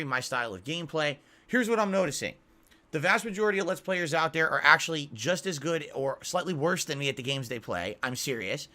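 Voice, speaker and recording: A man in a fed-up monologue, circling back over the same points and swearing often. His voice sits a little high for a man. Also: sharp tone. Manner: exasperated, repetitive, swearing. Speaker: YouTuber. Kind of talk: ranting monologue.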